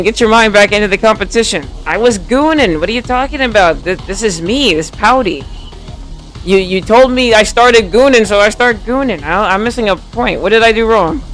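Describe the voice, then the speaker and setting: A man's voice: high-pitched, a bit bright. A man casually commenting on a game playthrough, reading the on-screen text aloud and cracking playful jokes. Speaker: game streamer.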